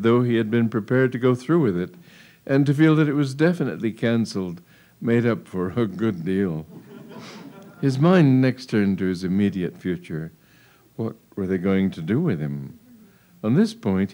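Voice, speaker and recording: A man's voice: lowish voice, dark tone. A man reading a humorous story aloud in a wry, amused storytelling manner. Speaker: narrator. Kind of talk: audiobook reading of a comic tale.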